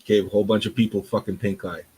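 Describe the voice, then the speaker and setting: Low, dark, husky-voiced man. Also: little pitch movement, fast, poor audio. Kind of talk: casual panel chat.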